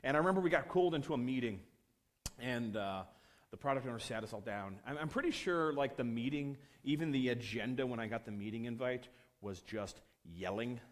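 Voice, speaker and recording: A male conference speaker tells a workplace story to an audience. His pitch swings widely as he acts out the quoted lines. His speech is casual and loose, full of restarts and asides. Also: expressive, brisk.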